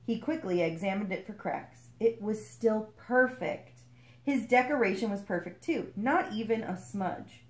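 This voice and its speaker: A woman reads a children's picture book aloud in a lively, expressive way. Her voice sits at an average pitch for a woman, in a noticeably echoey room. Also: unhurried. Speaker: storyteller.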